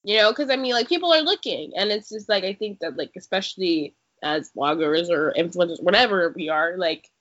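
A woman's voice: lowish voice, animated, a little fast, hardly any pauses, fairly bright tone. A young woman co-hosting a podcast in casual chat, saying "like" all the time. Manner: chatty, says "like" constantly. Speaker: podcast co-host. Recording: dull lo-fi sound.

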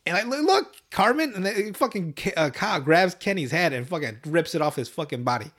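A man's voice: fairly high pitch, lively intonation, fairly quick, a bit bright. A man with a slightly raised voice chats loosely through a cartoon recap, his talk full of swearing. He laughs often as he retells each scene. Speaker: podcast host. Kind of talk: casual chat recapping a cartoon episode.

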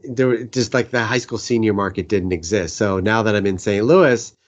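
Man, middle-aged, from the New York area, interview host, low voice, dull lo-fi sound. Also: moderate pace. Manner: eager, repeats words as he starts a sentence. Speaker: podcast host interviewing a photographer. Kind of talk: conversational interview.

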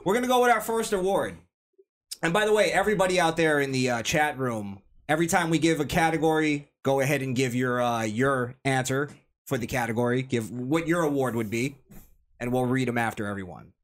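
A man's voice: mid-range voice, fairly quick. A man hosting a casual podcast among friends, announcing awards in a playful, mock-grand way and stretching out his phrases. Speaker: podcast host.

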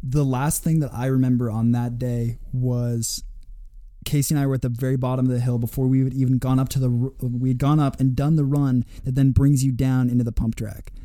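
A young man co-hosting a podcast, recounting his memories in a relaxed way, full of fillers and "like". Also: mid-range voice, brisk, no echo. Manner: relaxed, filler-heavy, says "like" often. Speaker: podcast co-host. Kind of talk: casual storytelling chat.

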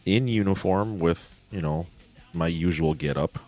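Into a studio podcast mic, a male host with a low-pitched voice tells stories in an unhurried, casual chat. His storytelling is animated and he laughs often, with faint music in the background.

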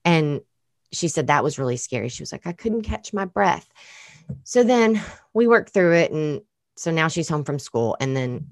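A woman in her thirties, a mother, telling a personal story in casual chat, earnest and animated, with many fillers. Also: deep voice, normal speed, no echo, clean studio sound.

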